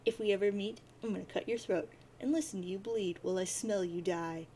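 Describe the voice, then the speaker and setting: A woman voicing a cackling, menacing blind troll girl with a high giggling laugh, read aloud from a webcomic. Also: a little fast, warm tone, slight background noise, close to an everyday voice. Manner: giggly then coldly threatening.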